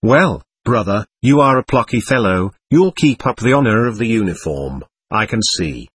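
A bluff young army officer speaks up briskly and heartily in an audiobook, as a male narrator reads his lines. The voice stays close to the reader's own: slightly husky and lively in pitch. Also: no echo.

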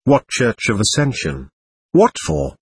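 A man's voice: lowish voice, huge pitch swings, measured pace, husky, dry recording, full character voice. A man voicing an angry, loutish young clerk who keeps repeating himself. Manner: blustering and repetitive.

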